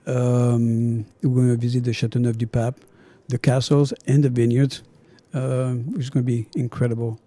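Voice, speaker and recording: A middle-aged man from France with a French accent, a chef chatting in an interview and telling animated stories. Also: medium pitch, normal speed, dry recording. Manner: animated storyteller, acts out dialogue, laughs often. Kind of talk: casual interview chat.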